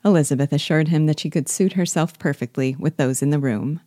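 Woman narrator, classic novel read-along, measured expressive delivery, low voice, dry close sound. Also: no room sound. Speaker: reader and teacher. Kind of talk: reading a classic novel aloud.

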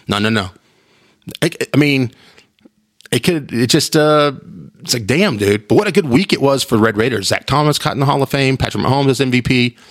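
A man's voice: medium pitch, a bit bright. A man hosting his own podcast, telling stories in a chatty, rambling way with frequent restarts. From Texas. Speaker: podcast host. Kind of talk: casual solo podcast chat.

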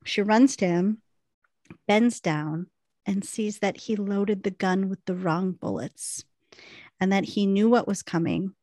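A woman co-hosting a podcast, retelling a TV episode in a quick, animated way. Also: mid-range voice, no room sound. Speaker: podcast co-host recapping a TV episode. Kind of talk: casual recap storytelling.

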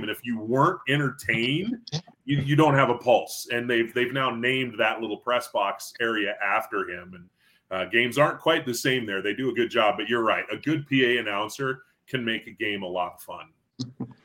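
Podcast co-host, male, bright forceful voice, animated sports storyteller. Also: medium pitch, moderate pace. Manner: animated storyteller who acts out quotes. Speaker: podcast co-host covering high school football. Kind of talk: casual sports podcast chat.

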